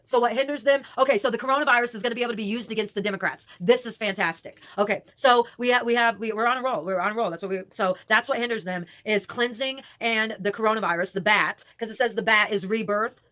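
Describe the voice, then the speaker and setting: A woman's voice: fairly high pitch, fast, few pauses, pushed and bright. A woman hosting her own channel, chatting to camera while doing a card reading, rambling and repeating herself with muttered asides. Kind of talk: rambling casual talk to camera.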